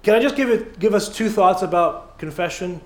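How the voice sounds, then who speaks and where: High-voiced joking preacher, echoey church. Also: male voice, normal speed. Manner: conversational and joking, with many fillers and acted asides. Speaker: pastor. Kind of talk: sermon. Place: church sanctuary.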